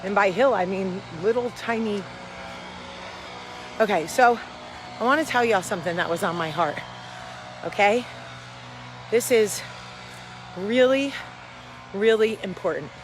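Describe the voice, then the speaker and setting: A woman's voice: mid-range voice, a little slow, long pauses, over music. A woman hosting a casual vlog, out of breath as she walks uphill outdoors, rambling and amused at her own jokes, swearing freely. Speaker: host.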